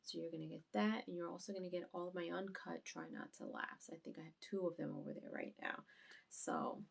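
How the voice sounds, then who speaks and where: Gravelly low-voiced woman reviewer. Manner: rambling, animated retelling of scenes. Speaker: YouTube anime reviewer. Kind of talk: casual episode recap.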